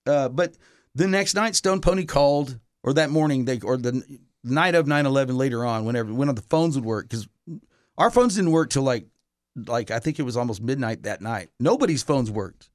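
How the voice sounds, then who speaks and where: A man's voice: medium pitch, lively intonation, normal speed, no room sound, clean studio sound. A middle-aged man, a touring musician, telling a long story in casual chat, rambling with lots of fillers and restarts.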